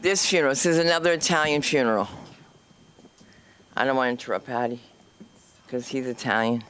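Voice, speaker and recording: A woman's voice: very deep voice, fairly quick, fairly bright tone, a little hiss or hum. A woman hosting an open mic comedy night, chatting and teasing before she hypes up the next act. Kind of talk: casual stage banter. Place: comedy club stage.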